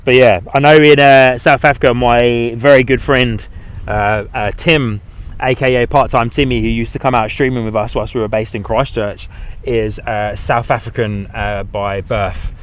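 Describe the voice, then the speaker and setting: A man's voice: medium pitch, fairly even intonation, normal speed, smooth. Easygoing New man chatting outdoors. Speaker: livestream host. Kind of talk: live plane-spotting commentary. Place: outdoors at an airport.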